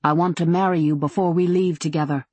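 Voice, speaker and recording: A woman's voice: on the low side, fairly even intonation, fast talker, darkish tone, breathy edge, no echo. A woman voicing a determined, protective young man who speaks firmly and earnestly.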